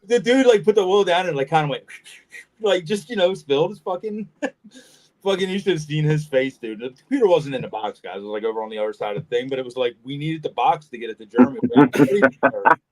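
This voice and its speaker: A man's voice: a little high, lively intonation, fast, crowd noise. Swearing, laughing man telling a shop story. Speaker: podcast co-host. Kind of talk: casual chat.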